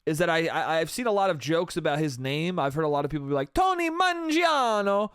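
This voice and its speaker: A man's voice: fairly high pitch, fast, smooth, no room sound, studio quality. A man hosting a solo comedy podcast, rambling casually and swearing, with "dude" and "bro" at the end of his sentences. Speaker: podcast host.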